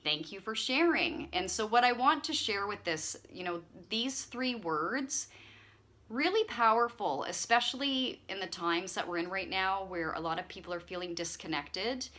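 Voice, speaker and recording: A woman's voice: medium pitch, moderate pace. A woman hosting her own channel, chatting casually to camera in a rambling, friendly way with lots of fillers. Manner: chatty, warm-hearted rambling with frequent fillers. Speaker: channel host.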